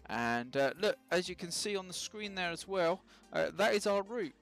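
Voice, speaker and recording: A man's voice: high-pitched, animated, moderate pace, fairly bright tone, faint music behind. A man casually talking through his flight sim setup on a live stream, chatty and full of ums and self-mocking jokes.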